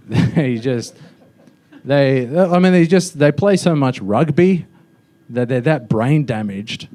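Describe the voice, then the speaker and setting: A man's voice: mid-range voice, takes it slowly, dark tone. A young man doing a mocking stand-up roast in a comedy club, with a loose, offhand delivery full of fillers. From Australia.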